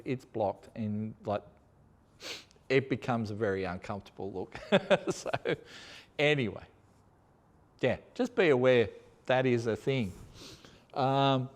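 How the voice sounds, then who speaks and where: A rambling Australian man who talks casually about his trips abroad. His voice sits at a middling pitch, and his delivery is loose and conversational, with the odd laugh at his own stories. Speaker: host. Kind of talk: casual chat.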